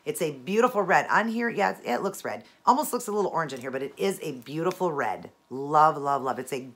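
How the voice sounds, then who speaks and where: A woman's voice: low voice, animated, a little fast, fairly bright tone, slightly rough. A middle-aged woman with a stuffy nose from allergies, chatting casually through her outfit, jewelry and makeup at home with many rambling asides. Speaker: fashion and beauty vlogger. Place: indoors at home.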